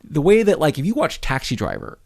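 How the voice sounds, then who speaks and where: A man co-hosting a podcast, talking film in a casual, articulate way with quick bursts of speech. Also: fairly high pitch, huge pitch swings, creaky. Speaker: podcast co-host.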